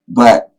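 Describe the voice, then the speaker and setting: A man hosting a casual livestream, talking in an animated, rambling, joking way. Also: poor audio. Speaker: livestream host.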